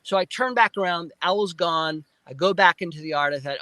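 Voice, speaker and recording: A guest tells an animated story about something he went through, excitedly acting out the sounds and quoting what he said back then. His high voice is bright and forward, and he talks briskly with few pauses. The recording is close and dry, with no room sound at all.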